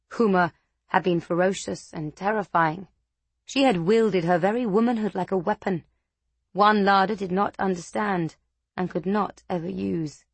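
A woman narrating a novel as an audiobook, measured and steady. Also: on the low side, breathy edge, no room sound. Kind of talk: scripted narration.

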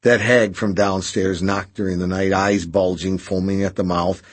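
A man reading an audiobook, voicing a brisk, bossy young wife in a sharp, scolding manner. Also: deep voice, level tone. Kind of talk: audiobook character voice.

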